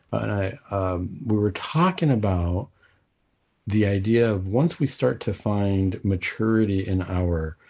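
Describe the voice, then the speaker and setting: A man's voice: lowish voice, mellow, husky. Man hosting a casual faith podcast. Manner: playful, plays devil's advocate with mock bluster. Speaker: podcast host. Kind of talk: casual chat.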